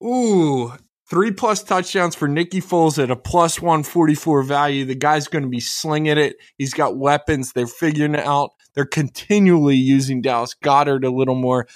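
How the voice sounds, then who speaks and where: A man co-hosting a sports betting show, boastfully pitching his picks as sure things. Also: normal speed. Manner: boastful, animated. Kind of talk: casual sports betting talk.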